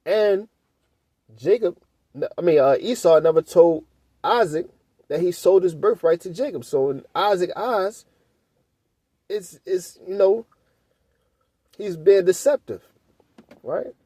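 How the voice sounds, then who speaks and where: A man's voice: high-pitched, lively intonation, takes it slowly, long pauses, dark tone, husky, no room sound. A man leading a casual scripture study, reading verses aloud and breaking into loose, blunt commentary that he often ends with a questioning "right?". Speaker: Bible teacher.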